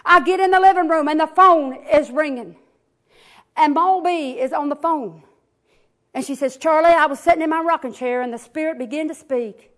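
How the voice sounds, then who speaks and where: A woman preaching a Pentecostal sermon in church, swinging from hollering to a hushed near-whisper. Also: high-pitched, moderate pace. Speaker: pastor. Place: church sanctuary.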